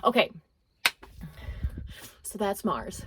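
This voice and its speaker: A woman's voice: on the low side, fairly quick, background noise. A young woman vlogging in a rambling, self-deprecating, chatty way. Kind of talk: casual chatty vlog narration.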